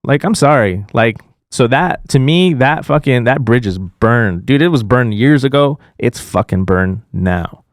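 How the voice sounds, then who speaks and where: A man's voice: medium pitch, expressive, measured pace, hardly any pauses, no room sound, clean studio sound. A man co-hosting a podcast, airing a grievance in a heated, profane rant. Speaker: podcast co-host. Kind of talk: casual chat.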